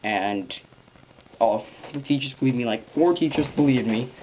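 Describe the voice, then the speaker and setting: A teenage boy giving casual advice in a rambling home vlog, swearing offhandedly and filling pauses with ums. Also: mid-range voice, darkish tone, slight background noise, rough recording. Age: teens. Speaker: vlogger.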